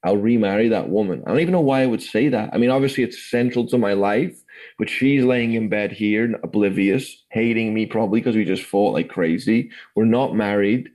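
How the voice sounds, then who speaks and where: A man's voice: fairly low pitch, brisk, a little mellow, poor audio. An English man in his forties, telling his life story in a rambling, casual way full of fillers. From England. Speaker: guest. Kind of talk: casual testimony interview.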